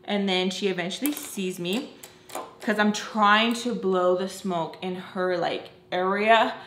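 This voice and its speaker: A woman's voice: medium pitch, unhurried, fairly bright tone, a little hiss or hum. A young woman vlogger telling a casual story, frank and profane, with lots of fillers. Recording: roomy echo.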